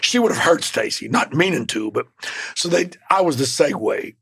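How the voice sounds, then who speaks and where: An older man with a Southern American accent, a podcast guest telling lively stories with frank swearing. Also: medium pitch, normal speed, vocal fry, slightly rough. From Southern United States. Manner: animated anecdotes, swears freely, acts out quoted people. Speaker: former pro wrestling manager and wrestler, podcast guest. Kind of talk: casual storytelling interview.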